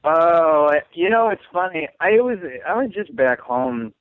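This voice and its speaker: A man's voice: a little high, animated, measured pace, dry recording. Rambling comedian man on a tinny line. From St. Louis, USA. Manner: rambling, self-mocking, laughs often. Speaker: comedian guest. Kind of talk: casual chat. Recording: dry, phone-like line.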